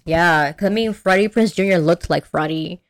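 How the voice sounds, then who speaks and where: A young woman talks loosely in casual podcast chat, her voice sitting a little low. She rambles, piling on fillers and restarting her sentences as she goes. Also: moderate pace. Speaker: podcast co-host.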